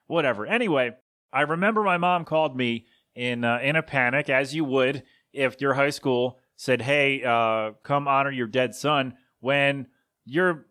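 Man, thirties, podcast host, casual monologue, wanders and self-corrects, mid pitch. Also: sharp tone. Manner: rambling, self-correcting storyteller.

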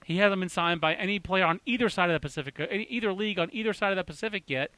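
A man hosting a casual baseball chat, talking fast and excitedly with lots of restarts. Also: high-pitched, dry recording. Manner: excitable, rapid, full of restarts. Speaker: baseball podcast host.

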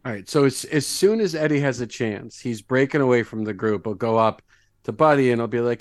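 A man playing a tabletop game, describing his character's actions in a chatty, animated way. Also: medium pitch, a little fast, no room sound, clean studio sound. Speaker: player.

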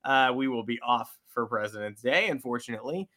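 A man's voice: mid-range voice, expressive, a little fast, sharp tone. A man hosting a baseball podcast, chatting loosely and joking with plenty of fillers. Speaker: podcast host. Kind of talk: casual baseball podcast chat.

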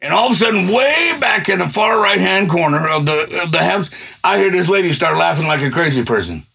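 Gravelly, high-voiced middle-aged man testifying. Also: brisk. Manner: colloquial, excitable, swells into fervent near-shouting. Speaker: guest giving a testimony. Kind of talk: personal faith testimony, storytelling.

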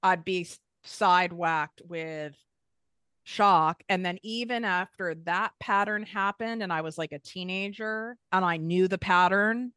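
A woman's voice: on the low side, unhurried, a bit bright, smooth, no room sound, clean studio sound. A woman guest talking candidly about her own past, frank and emphatic, swearing casually. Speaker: podcast guest. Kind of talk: candid personal conversation.

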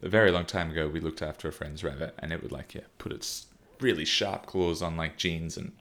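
Deep-voiced, giggly podcast co-host. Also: male voice, steady tone, a little fast, a bit bright. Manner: rambling, giggly, with many fillers. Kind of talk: casual chat.

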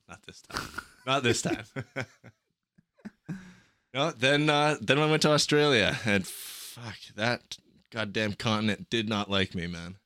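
A young man chatting casually as a podcast guest, telling travel stories in an animated, profane way. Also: medium pitch, slow, pauses often, no echo, studio quality. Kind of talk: casual chat.

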